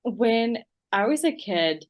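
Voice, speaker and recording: A woman's voice: a little high, animated, slow. A woman speaking as a podcast guest in casual conversation, reflective and hesitant, with many fillers.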